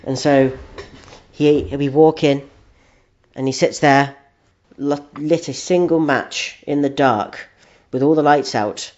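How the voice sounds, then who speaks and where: A man's voice: fairly high pitch, takes it slowly, darkish tone. A man co-hosting a comedy podcast, carrying on a silly story in a dry, hesitant way. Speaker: podcast co-host. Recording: dull lo-fi audio with faint noise.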